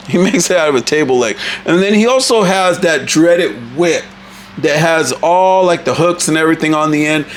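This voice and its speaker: A man hosting an excited toy unboxing review, talking in a hyped, animated, casual way with some cussing. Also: high voice, slight background noise.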